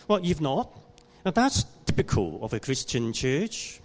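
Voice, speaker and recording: Guy preaching in church, slightly high voice, slow storyteller, asks the congregation questions. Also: very animated. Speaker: pastor. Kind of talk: sermon.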